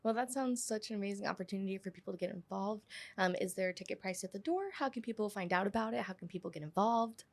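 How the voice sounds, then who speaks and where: Woman host, gravelly fry, quick upbeat delivery, effusive. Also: medium pitch. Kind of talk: casual local live show hosting.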